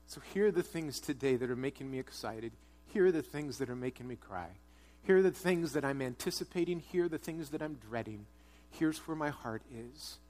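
A pastor preaching a sermon, earnest, moving between strong urging and quiet, hushed prayer. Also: male voice, medium pitch, lively intonation, brisk. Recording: long hall reverb.

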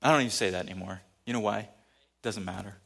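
A man's voice: fairly low pitch, steady tone, fast, creaky, fairly bright tone. A man preaching a sermon in a conversational way, building to emphatic peaks. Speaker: pastor.

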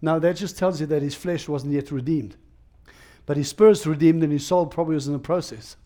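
His voice is dark in tone, pitched a little above the usual male range, and he goes a little fast as he delivers his sermon. The preacher keeps things plain and conversational with emphasis, hammering points through repetition and restarts.

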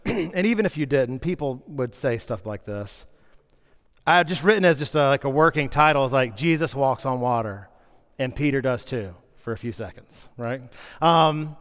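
Man, sermon, animated storytelling, clear resonant voice, long hall reverb. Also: a little high. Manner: animated storytelling, acting out scenes. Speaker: pastor. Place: church sanctuary.

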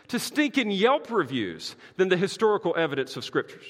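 Animated preacher man in a reverberant hall. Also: high voice, fairly quick. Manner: emphatic, swings from quiet to loud; casual asides with frequent "like". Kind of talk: sermon.

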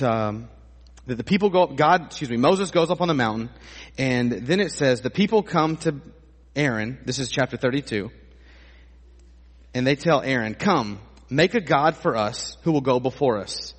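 A man preaching a sermon as a pastor in a church, animated and acting out voices with comic exaggeration. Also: mid-range voice, moderate pace, husky. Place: church sanctuary. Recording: long hall reverb.

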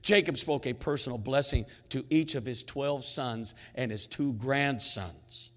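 A man in his sixties preaching a sermon, telling stories in a lively, humorous way that swings between hushed and loud. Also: mid-range voice, measured pace. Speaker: pastor. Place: church sanctuary. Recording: long hall reverb in sanctuary.

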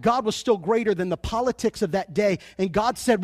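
A man preaching a sermon as pastor, lively and joking, dropping at times to a quiet aside. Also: high-pitched, normal speed, few pauses, no echo.

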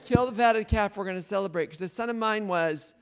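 A man's voice: high-pitched, fairly quick, vocal fry, clear, resonant tone. A man leading a Bible study, retelling a story and questioning his listeners, laughing often. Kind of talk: interactive Bible teaching.

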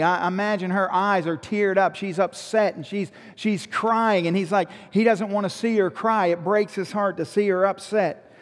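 A man preaching a sermon, animated, with rhetorical questions and joking asides to the congregation. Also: sits high, normal speed, long reverb tail. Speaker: pastor.

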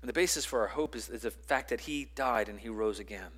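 A man preaching a sermon as pastor, building to loud emphatic lines and dropping to quiet ones, with repeats and restarts. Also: medium pitch, quick pace, breathy edge. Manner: repeats words and restarts phrases.

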